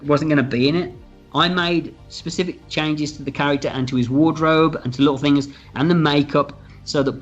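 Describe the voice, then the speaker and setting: A man in a candid interview, animated and unfiltered, slipping into other people's lines as he tells behind-the-scenes stories. His voice sits in an ordinary middle register. The audio is a little dull and lo-fi, with faint music underneath. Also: mid-range voice. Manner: animated, acts out quoted dialogue, swears freely. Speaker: film writer-director being interviewed.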